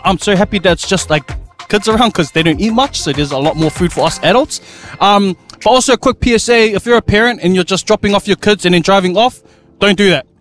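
A man hosts a live radio cross from an outdoor community day. His voice sits high and he keeps it upbeat and joking. Faint music plays behind him. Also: fairly bright tone. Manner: upbeat, joking, talks with his mouth full. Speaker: radio host.

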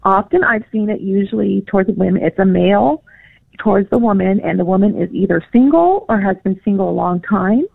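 Gravelly woman on a tinny phone line. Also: medium pitch, fairly quick, no room sound. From California. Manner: chatty, laughs easily, many fillers. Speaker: pet psychic guest. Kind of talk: casual interview chat.

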